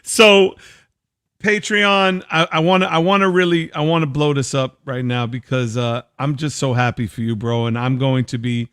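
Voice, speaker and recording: A man with a clear, smooth voice hosts a relaxed interview and chats loosely with his guest. He breaks off now and then to read out listener comments. The sound is dry and close. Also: mid-range voice, normal speed, dry recording. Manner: loose, chatty, reads listener comments aloud. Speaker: host. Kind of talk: casual interview chat.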